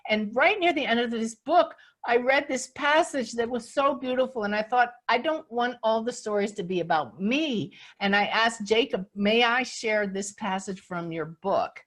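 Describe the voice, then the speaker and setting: A woman's voice: fairly high pitch, fairly bright tone. An older woman tells a story to her online audience and acts out the scenes as she goes. She speaks as a spiritual teacher and host. Her voice comes through a video call. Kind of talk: storytelling talk on a webinar.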